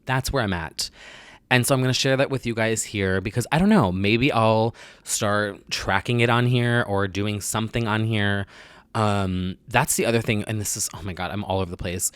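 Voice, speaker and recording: A man's voice: lowish voice, steady tone, normal speed, clear, resonant tone, no echo. A young man talking casually to camera as a vlog host, rambling, self-deprecating and candid, filling his talk with "like.". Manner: confessional and candid. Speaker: vlogger host.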